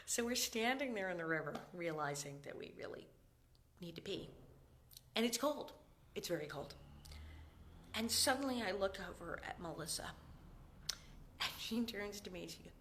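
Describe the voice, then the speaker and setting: A woman in her fifties talks casually to viewers of a live stream, and her voice sits a little low. She tells stories in a lively way, acting out quotes and dropping into whispers. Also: moderate pace, long pauses. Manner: animated storyteller, acts out quotes, drops to whispers. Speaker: actress hosting a live stream.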